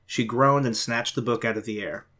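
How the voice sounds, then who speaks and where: A man who is a comedian and actor, reading a short story aloud with lively narration as a podcast guest. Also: mid-range voice, moderate pace.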